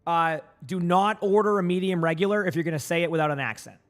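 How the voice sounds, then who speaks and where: A man from Massachusetts without a regional accent, rambling casually to his live-stream chat with lots of filler words and quick answers to viewers. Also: sits high, fairly bright tone, soft background music.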